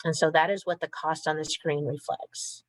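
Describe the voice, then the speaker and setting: A woman who coordinates a school program gives a clear, methodical and upbeat presentation to parents over a video call. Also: sits low, fairly even intonation, moderate pace, no echo, poor audio.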